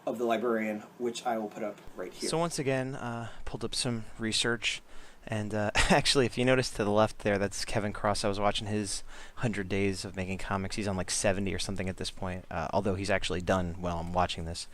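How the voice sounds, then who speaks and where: A man's voice: on the low side, steady tone, brisk, few pauses, a bit bright, slight background noise. A man vlogging about making comics, talking casually with lots of fillers and restarts while he draws. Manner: rambling, many fillers and restarts. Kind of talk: casual chat over drawing.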